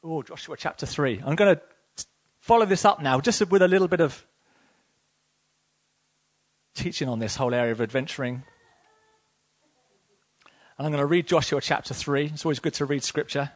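A man's voice: a little high, moderate pace, long pauses. A man preaching a sermon as a pastor, enthusiastic and emotional, talking conversationally with many fillers.

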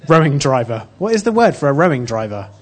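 A man preaching in a relaxed, storytelling way, speaking at a middling pitch for a man. His delivery is earnest but halting, full of restarts and small hesitations. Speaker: church speaker. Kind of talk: informal sermon with personal story.

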